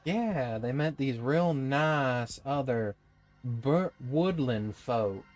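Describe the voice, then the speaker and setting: Talking bird, Southern accent, folksy, unhurried, voiced by a man. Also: mid-range voice, lively intonation, a little mellow, soft background music. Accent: American Southern. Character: talking bird on a carriage driver's shoulder.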